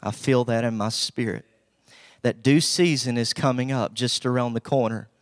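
A man's voice: medium pitch, steady tone, normal speed, no echo, studio quality. A young man from Southwest Virginia with an Appalachian accent, preaching a folksy, humble sermon that rises to emphatic bursts.

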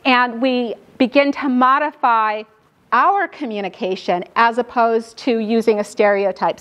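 A middle-aged woman gives a classroom lecture on caregiving. Her voice sits a little high for a woman. She talks quickly and keeps tagging her points with "right?" to pull the room along. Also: fairly bright tone. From New York. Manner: fast-talking, frequent "right?" checks with the audience. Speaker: lecturer on dementia care.

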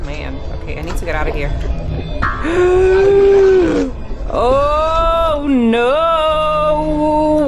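Excitable woman narrating gameplay, lively pitch. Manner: excitable, talks to herself, sudden shrieks. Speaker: gaming channel host. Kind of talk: live gameplay commentary.

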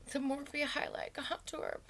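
A woman beauty vlogger opening a gift on camera, awestruck and near tears, often dropping to a breathy half-whisper. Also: high voice, flat delivery, measured pace, fairly bright tone. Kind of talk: emotional unboxing vlog. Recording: noisy home recording with packaging crinkles.

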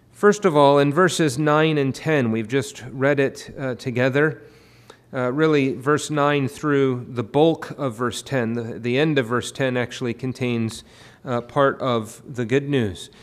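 A man preaches an expository sermon in a church setting, sitting at a middling pitch. He talks steadily, with many fillers and repeated words as he works through the text. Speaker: pastor.

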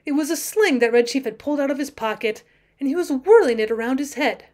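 A woman teacher narrating a classic short story as an audiobook, measured and expressive. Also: sits high. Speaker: teacher reading aloud.

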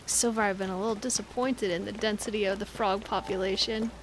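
A woman's voice: mid-range voice, fairly even intonation, a little fast, noisy background. Chatty American woman streaming a game. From United States. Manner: chatty, self-deprecating, giggly asides. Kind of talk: casual gameplay commentary.

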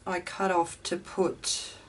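A woman's voice: fairly low pitch, flat delivery, slow. Chatty woman crafting at home. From Australia. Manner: chatty, self-deprecating, thinks aloud. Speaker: craft video host. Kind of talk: casual chat while crafting. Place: home craft room with ceiling fan running. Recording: distant mic, faint fan noise.

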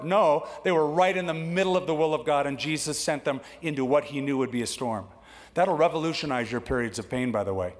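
A man preaching a sermon as pastor, lively and conversational, acting out the voices he quotes. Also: moderate pace. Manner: animated, acts out quoted voices with big pitch jumps. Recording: long hall reverb.

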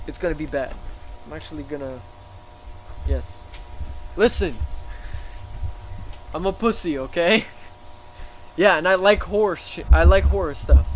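A man's voice: fairly high pitch, background noise. A man hosting a reaction video, swearing and exclaiming in fright as he watches. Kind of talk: casual reaction commentary.

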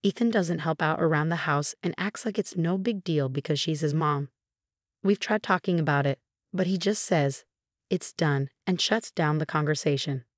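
A woman in her twenties giving a scripted first-person story narration, read in a steady, even way. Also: sits low, normal speed, dry recording, studio quality. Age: 20s.

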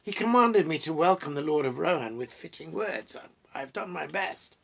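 A man's voice: fairly high pitch, lively intonation, moderate pace, gravelly, fairly bright tone, slightly rough, heavily acted. A man voicing a young male hobbit who speaks with mock-formal courtesy in a storybook reading.

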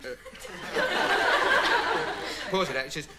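Rambling comic with a lively high voice. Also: male voice, normal speed. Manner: rambling, dim, full of "you know" and "right". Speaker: comedy character presenter. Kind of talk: rambling deadpan comic monologue to camera. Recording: old TV broadcast with loud hiss. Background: studio audience laughter.

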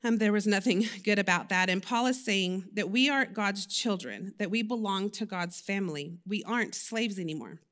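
Standing in a church, a lay preacher shares a candid, confessional sermon in a conversational style, often using fillers and correcting herself. She talks at a normal speed with few pauses, her mid-range voice carrying a slightly bright quality.

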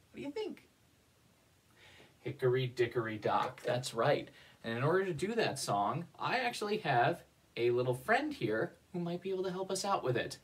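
A woman librarian leading a children's sing-along in a library, gentle and soft-spoken, playing along with a mouse puppet. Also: extremely low pitch. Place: library with a big clock.

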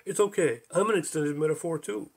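A man voicing a gentle, hesitant talking mountain in an audiobook, fussing and consoling. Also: fairly high pitch, a little fast, creaky, slightly rough.

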